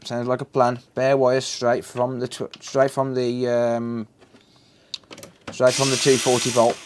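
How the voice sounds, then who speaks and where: A man's voice: mid-range voice, completely flat delivery, measured pace, noisy background. A man chatting casually and joking with his live chat while repairing a console, swearing freely.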